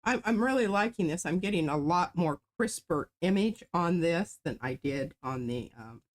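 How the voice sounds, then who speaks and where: A woman's voice: fairly low pitch, animated, normal speed. A woman casually talking through an art stamping demo, explaining each step as she works. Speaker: artist demonstrating stamping. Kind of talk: casual craft demo chat.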